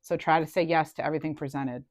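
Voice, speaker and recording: Talking fast in a low-pitched, steady tone, a woman gives a casual collective tarot reading over slight background noise. She chats and thinks aloud, often breaking off mid-thought and starting again.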